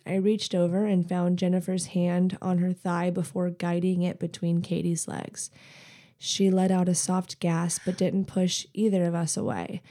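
A woman podcast host reads an erotic story aloud. Her storytelling is steady and intimate. Her voice is low-pitched for a woman, with a dark, mellow tone.

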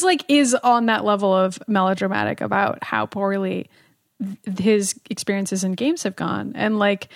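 A woman co-hosting a casual gaming podcast, animated and exasperated, laughing often. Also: mid-range voice, no room sound, clean studio sound. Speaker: podcast co-host. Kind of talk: casual chat.

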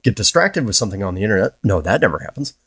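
A man's voice: lowish voice, very animated, very fast, fairly bright tone, breathy edge, no room sound. A man co-hosting a podcast, telling brewing disaster stories and reading listener letters in a dry, wry way. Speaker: podcast co-host.

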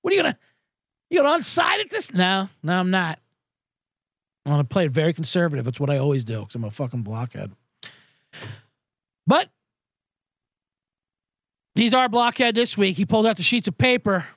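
Lively, high-voiced profane betting host. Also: male voice, normal speed, long pauses, no echo, studio quality. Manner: profane, rambling, self-mocking. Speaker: sports betting podcast host. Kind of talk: casual sports betting talk on a live podcast. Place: small booth alone. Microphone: studio microphone.

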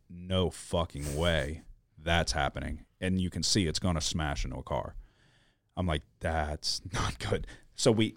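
A man's voice: low-pitched, no room sound, clean studio sound. A young man hosting a podcast, telling a chaotic story in casual chat, with lots of swearing and filler words.

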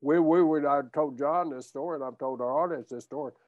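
A man's voice: on the high side, a little fast, darkish tone, no room sound. A man in a casual podcast chat, telling stories and laughing easily. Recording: dull lo-fi dry audio.

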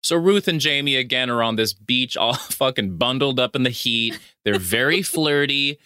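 A man co-hosting a casual podcast, recapping a film with animated storytelling and mock quotes. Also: medium pitch, normal speed, clean tone, dry recording, studio quality. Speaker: podcast co-host. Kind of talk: casual movie recap chat.

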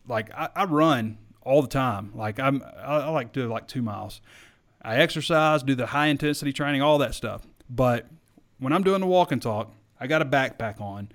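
A man hosting a sports podcast, chatting casually and answering listener questions in a rambling, hesitant way, his voice wearing thin. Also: medium pitch. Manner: rambling, hesitant, repeats himself.

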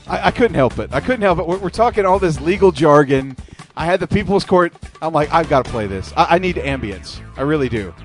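A man hosting a casual talk radio show, chatty and quick to cut in, repeating words as he jumps in. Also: a little high, lively intonation, faint music behind.

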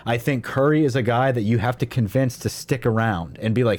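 A young man co-hosting a podcast, talking football in a relaxed, conversational way with frequent fillers. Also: mid-range voice, a little fast. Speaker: co-host. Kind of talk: casual sports podcast chat.

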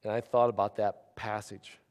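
A man's voice: fairly low pitch, moderate pace. Man in his forties preaching in a hall. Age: 40s. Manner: animated preaching, swinging from quiet asides to loud emphatic lines. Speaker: pastor. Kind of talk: sermon.

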